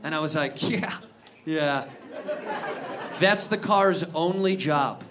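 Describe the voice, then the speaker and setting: An American man performing a stand-up comedy set, ranting loudly and profanely and acting out the people he quotes. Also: fairly high pitch, slow pace. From United States. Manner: loud, animated, profane rants with acted-out quotes. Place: comedy club stage with a laughing audience. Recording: live club recording, crowd laughter and noise.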